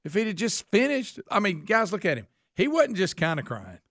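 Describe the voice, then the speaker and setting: A man rants on a talk-radio show in a slightly high voice. The sound is close and dry, with no room around it. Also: wildly swooping pitch, moderate pace, fairly bright tone, dry recording. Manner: ranting, mocking quoted voices. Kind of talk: casual talk radio banter.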